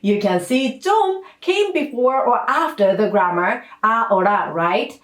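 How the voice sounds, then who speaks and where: A woman teaching a language lesson in a clear, patient way, with playful asides. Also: a little high, expressive, normal speed. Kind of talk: scripted lesson narration. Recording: roomy echo.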